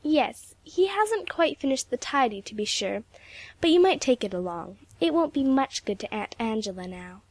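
A woman's voice: a little high, animated, normal speed, no echo. A woman voicing a cold, condescending lady who speaks with icy, sweetly sarcastic politeness.

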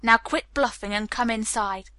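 A bullying police captain snaps short orders at a suspect, as a woman reading acts him out. His speech is curt and brusque, with a bright, dry sound. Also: fairly high pitch, normal speed, no room sound.

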